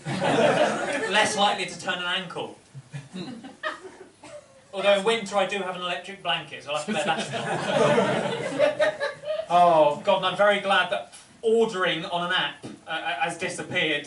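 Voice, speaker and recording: A man's voice: sits high, moderate pace, fairly bright tone. A man doing a wry, rambling stand-up set in a comedy venue. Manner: wry, rambling, self-interrupting. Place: comedy venue, live audience. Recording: roomy, distant, noisy live room.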